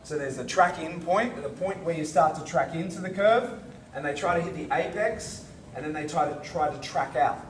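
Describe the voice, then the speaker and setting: Aussie guy teaching karate, slightly high voice, echoey hall, mic far away, keeps asking the group hey?. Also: normal speed, hardly any pauses, a little hiss or hum. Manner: demonstrating, constantly checks in with the group. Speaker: karate instructor. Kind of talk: teaching a seminar class.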